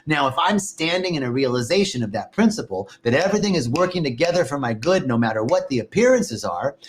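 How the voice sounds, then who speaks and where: A man preaching a sermon, telling animated stories, laughing often and swearing casually. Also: medium pitch, fast. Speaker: minister. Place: lives in Costa Rica.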